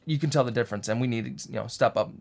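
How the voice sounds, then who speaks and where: A man's voice: medium pitch, racing, vocal fry. Male co-host, 30s, easygoing rambler who jokes and acts out quotes. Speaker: co-host of a sewing channel. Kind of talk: casual chat.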